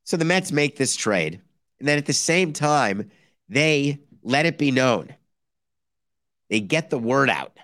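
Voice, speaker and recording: The host's lively, fairly bright mid-range voice moves slowly, with long pauses, over a dry, clean studio recording. On his baseball podcast he's animated and sarcastic in bursts, acting out pretend exchanges between teams.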